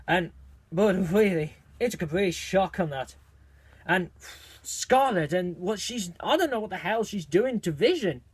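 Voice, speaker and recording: In a casual video, a man with a high voice reviews a movie trailer excitedly, rambling with plenty of restarts and fillers. The recording has no echo.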